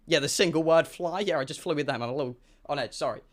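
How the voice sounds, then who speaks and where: A young man, a streamer telling an animated, sweary storytime to his chat and acting out the dialogue. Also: fairly high pitch, fast. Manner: excitable, swearing, acts out dialogue.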